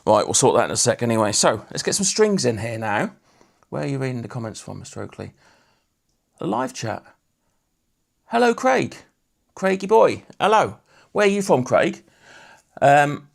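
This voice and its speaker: There's vocal fry in this mid-range male voice. He's a Lincolnshire, England livestream host who keeps up casual chat and teases his audience while tinkering with a guitar.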